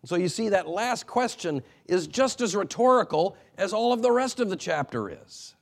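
A male pastor delivering a sermon in an earnest, admonishing way, swinging between emphatic peaks and quiet low asides. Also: big pitch swings, moderate pace, gravelly.

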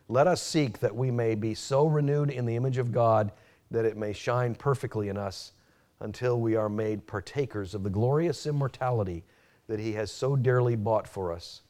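Emphatic male preacher, mid-pitched. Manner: emphatic, rising sharply when quoting, dropping low and quiet at key points; frequent restarts and fillers while teaching. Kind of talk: sermon.

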